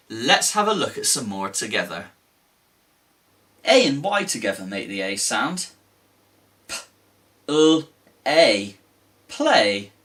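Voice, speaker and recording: A man teaching a children's phonics lesson, sounding out letters with big gasps. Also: on the low side. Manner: animated, exaggerated gasps and sing-song letter sounds.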